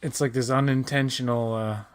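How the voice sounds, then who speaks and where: A man's voice: mid-range voice, fairly even intonation, moderate pace, clear, resonant tone. A man co-hosting a casual show commentary, trading dry jokes and mock complaints with his partner. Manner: dry jokey banter, mock grumbling. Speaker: co-host of a watch-along commentary.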